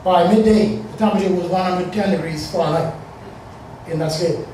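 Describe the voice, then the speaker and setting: A man's voice: sits high, fairly quick, dark tone, a little hiss or hum. A man in his forties from the Bahamas telling a personal story to an audience in a loose, rambling way with many fillers. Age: 40s. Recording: echoey room, distant mic.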